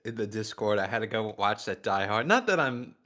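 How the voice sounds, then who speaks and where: A man's voice: fairly low pitch, animated, brisk, pushed and bright. A male co-host in casual comedic banter who stammers, repeats words and laughs often.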